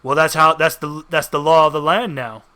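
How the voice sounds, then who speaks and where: A man voicing a calm, scheming male god with four arms and three faces, speaking in a measured, bargaining way. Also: on the high side, clean tone.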